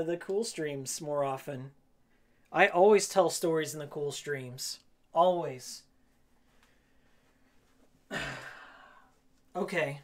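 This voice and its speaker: Hoarse, rambling male streamer. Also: fairly high pitch. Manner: rambling, jokey, repeats his own phrases. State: hoarse, losing his voice. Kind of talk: casual live-stream chat while cleaning. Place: game room at home, indoors.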